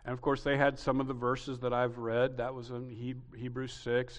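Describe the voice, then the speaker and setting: A man's voice: mid-range voice, completely flat delivery, normal speed. A male pastor preaching a sermon emphatically, building to repeated rising peaks. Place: church sanctuary. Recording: reverberant hall.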